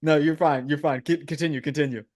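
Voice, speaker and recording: A man with a fairly high voice co-hosts a casual podcast over a remote call. He talks in an animated way, laughs a lot and repeats himself as he argues a point. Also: fast talker. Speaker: podcast co-host.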